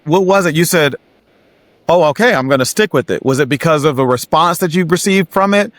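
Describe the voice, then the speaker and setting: A man's voice: fairly high pitch, animated, a little fast, a bit bright, no echo. A man hosting an interview show, asking questions in an encouraging, conversational way. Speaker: podcast host.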